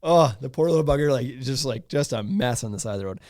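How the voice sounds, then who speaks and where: A man, hosting a podcast and telling a story in casual chat, animated and laughing often. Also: mid-range voice, fast talker, no echo, studio quality. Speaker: podcast host.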